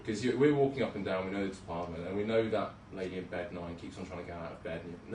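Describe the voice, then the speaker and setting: A man's voice: sits low, quick pace, hardly any pauses, a little mellow, slight background noise. A young man giving a casual, self-deprecating talk as a junior doctor, chatty and hesitant, with many ums. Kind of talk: casual presentation with slides. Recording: roomy hall, speaker far from mic.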